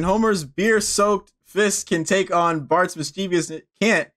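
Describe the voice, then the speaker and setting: A man's voice: sits high, slow pace, fairly bright tone. A young man giving casual, sarcastic gameplay commentary, laughing and swearing as he plays. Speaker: gaming video creator.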